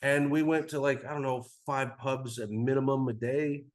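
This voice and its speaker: A man in his forties chats as a guest in a cigar podcast studio, spinning a travel story at an even, middling pitch. He rambles loosely, sprinkling "like" everywhere and swearing casually. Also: normal speed. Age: 40s.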